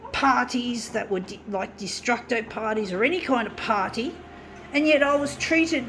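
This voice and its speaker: A woman with a high voice talks straight to her viewers in a casual monologue. She is blunt and profane, with a bitter, aggrieved edge, and she rambles through many false starts. A faint hum of room noise sits behind her. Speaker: vlogger talking to viewers.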